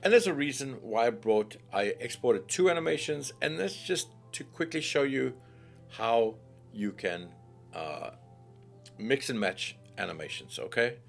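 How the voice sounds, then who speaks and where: A man hosting a software tutorial in a chatty, playful way, full of jokey asides and calling the viewer mate and love. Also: medium pitch, animated, unhurried, vocal fry, soft background music. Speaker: tutorial host. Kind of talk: screen-recorded software tutorial.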